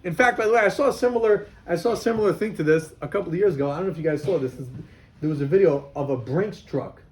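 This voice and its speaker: A man's voice: a little high, quick pace, darkish tone, slight background noise. A man, a rabbi, teaching a class of boys and telling them a story, often repeating himself.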